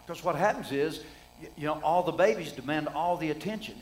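A man's voice: on the high side, brisk, slight background noise, poor audio. A middle-aged man preaching a sermon in a folksy, conversational way, asking the congregation rhetorical questions.

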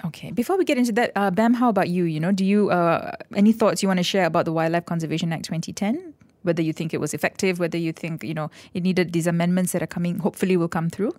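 A woman hosting a radio interview, steering her guests with brisk guiding questions. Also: fairly low pitch, a little mellow, no echo. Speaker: radio host. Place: radio studio.

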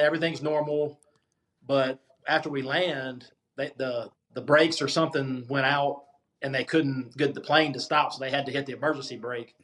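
A man's voice: mid-range voice, fairly bright tone. A middle-aged man from the Mississippi Gulf Coast, a former football coach guesting on a podcast, telling stories in a laid-back, matter-of-fact way. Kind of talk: casual podcast interview.

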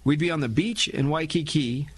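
Male talk radio host from Los Angeles, animated storyteller, dry close studio mic. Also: a little high, moderate pace, breathy edge, dry recording. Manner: animated storytelling with chuckles and rhetorical questions.

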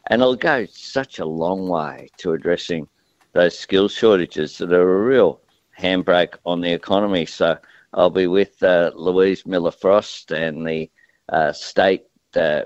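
An Australian man giving a radio interview in a measured way, with many pauses and fillers. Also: low voice, no echo, lo-fi sound. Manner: measured, frequent uh fillers and restarts. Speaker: political guest.

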